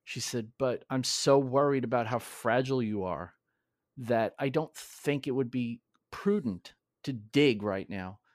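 A man's voice: mid-range voice, unhurried, dry recording, clean studio sound. A man telling his story in a candid, earnest conversation, often restarting his sentences. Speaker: podcast guest.

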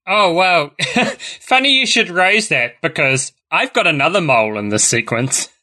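A man co-hosting a podcast, chatting in a wry, animated way and laughing easily. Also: fairly high pitch, measured pace. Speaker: podcast co-host. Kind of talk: casual chat.

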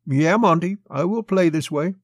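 A man with a gravelly voice voicing a young woman in a pulp story, who speaks low-voiced and appealing. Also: expressive, normal speed, darkish tone, no echo. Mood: resolute. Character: young woman pleading to leave with a gangster.

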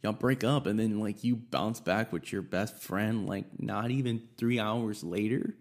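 A man's voice: fairly low pitch, unhurried. A young man casually telling a personal story, rambling and swearing, with lots of fillers.

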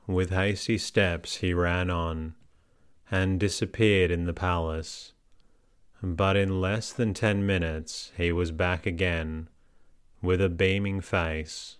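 Slow, low-voiced man reading a bedtime story. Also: clean tone, dry recording, studio quality. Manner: slow, gentle, even storytelling. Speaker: sleep story narrator.

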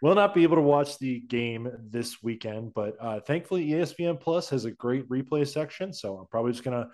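A man co-hosting a sports podcast, chatting in a relaxed, rambling way. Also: mid-range voice, brisk. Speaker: podcast co-host. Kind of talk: casual sports podcast chat.

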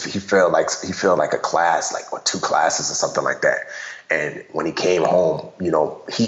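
A man, a guest and author, telling personal stories in an animated casual way, full of "you know" fillers. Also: extremely low pitch. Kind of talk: casual storytelling conversation. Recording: dull roomy sound.

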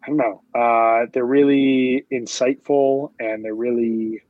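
A man's voice: medium pitch, little pitch movement, takes it slowly, dry recording, phone-quality sound. A man hosting a podcast, chatting casually in a rambling way with many restarts and fillers. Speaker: podcast host. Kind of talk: casual chat.

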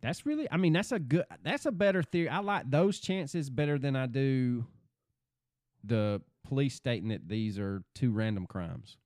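A man's voice: medium pitch, expressive, normal speed, darkish tone, no echo, studio quality. A man co-hosting a podcast in casual chat, talking through theories in an easygoing way. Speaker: podcast co-host.

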